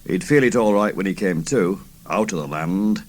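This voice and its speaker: An author in his fifties reads his novel aloud in a theatrical first-person style, his delivery swooping. His voice is low and his speed normal.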